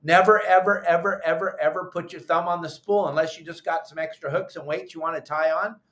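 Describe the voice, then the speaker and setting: Emphatic middle-aged male host, fairly high voice, hammers points home, roomy echo. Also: brisk. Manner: animated, emphatic, repeats instructions. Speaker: fishing show host. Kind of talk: call-in fishing advice show. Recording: echoey room.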